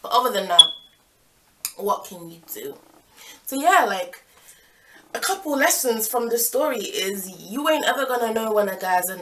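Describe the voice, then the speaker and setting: A young woman tells a casual storytime vlog in a chatty, animated way, now and then jumping into loud outbursts. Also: medium pitch. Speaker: vlogger.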